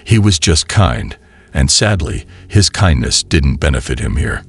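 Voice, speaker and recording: Deep-voiced man, husky, wry commentary narrator. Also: very animated, a little slow, a bit bright. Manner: wry, moralizing asides. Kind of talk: reaction commentary.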